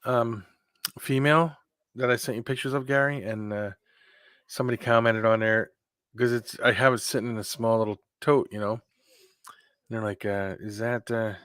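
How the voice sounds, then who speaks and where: A man's voice: mid-range voice, a bit bright, no room sound, studio quality. A man hosting a casual live-stream chat, rambling and talking to his viewers. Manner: rambling, keeps clearing his throat. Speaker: host of a live hangout stream.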